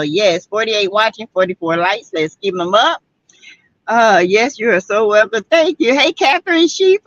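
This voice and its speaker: A woman from South Carolina with a Southern US accent reads comments on a casual livestream, greeting viewers by name and chatting away. Her mid-range voice is a bit bright, and the lo-fi recording has no room sound.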